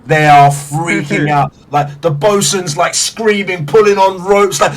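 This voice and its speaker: Slow, vivid game master man. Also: on the high side, fairly even intonation, recorded from a distance, slight background noise. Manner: vivid, swears freely, slow deliberate narration. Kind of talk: narrating a tabletop game.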